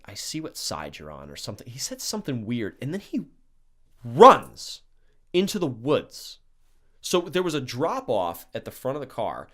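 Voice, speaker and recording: A young man casually telling a wild story on a podcast, swearing freely and acting out what people said. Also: mid-range voice. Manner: animated, swears a lot, acts out quotes.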